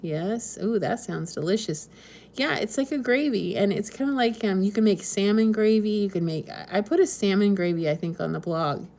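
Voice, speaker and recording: A woman's voice: medium pitch, normal speed, darkish tone. A woman from the West Coast hosting a casual live stream, chatting and reading viewer comments in a meandering way with frequent ums and small laughs. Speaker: homesteading channel host.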